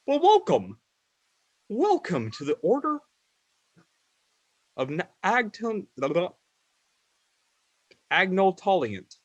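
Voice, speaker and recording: A friendly old farmer monk with a sword at his hip, voiced by a man in a high, bouncy, exaggerated accent. The voice leaps up and down with bright, forceful energy. The sound is dry and close. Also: huge pitch swings, quick pace, few pauses, dry recording, exaggerated voice. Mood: warm welcoming.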